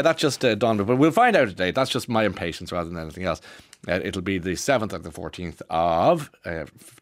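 The recording is dry, capturing a fairly low-pitched male voice from Ireland. He hosts a radio show, rambling through a casual monologue full of asides and restarts.

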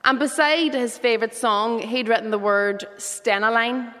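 Northern Irish comedienne, punchy set in a reverberant venue. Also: female voice, a little high, moderate pace. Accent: Northern Irish (Derry). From Northern Ireland. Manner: lively, punchy joke delivery. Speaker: comedian guest.

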